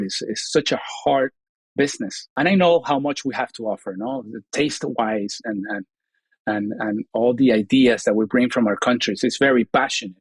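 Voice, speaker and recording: A man's voice: mid-range voice, no room sound. Earnest man. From Venezuela. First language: Spanish. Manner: earnest, repeats words, leans on "you know". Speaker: guest chef and TV host. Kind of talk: casual interview chat.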